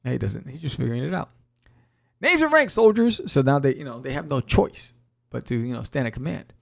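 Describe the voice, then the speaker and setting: A man's voice: medium pitch, quick pace, creaky, a little mellow, slightly rough. A man hosting a podcast and casually talking through a comic book, laid-back and joking. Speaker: podcast host.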